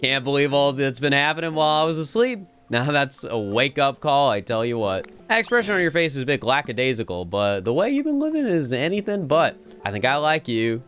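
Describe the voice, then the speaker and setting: A man's voice: medium pitch, very animated, brisk, few pauses, a bit bright, soft background music, pitched above the performer's own voice. A man putting on a Southern-drawling sea serpent. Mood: friendly. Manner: folksy drawl, homespun sayings. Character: drowsy friendly male sea serpent, folksy. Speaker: gamer voicing a game character.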